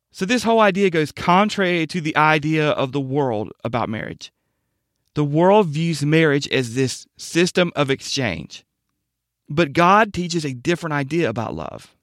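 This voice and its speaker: A man with a slightly high voice gives a Bible-based teaching talk on marriage. He speaks in a measured, emphatic way and slows right down on the words he wants to land. The sound is dry and close, with no room around it. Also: no room sound.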